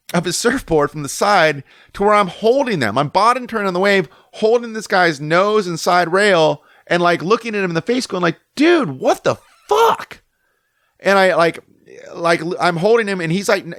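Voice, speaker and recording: A man's voice: high-pitched, a bit bright, no echo, studio quality. A middle-aged man from Southern California hosting a podcast, telling a rambling, profane story in a casual, heated way. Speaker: podcast host.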